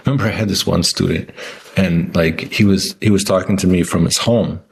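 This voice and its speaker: A man's voice: low-pitched, fairly even intonation, fairly quick, gravelly, breathy edge. A man talking casually to camera in a rambling way, with many restarts and fillers. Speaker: vlogger.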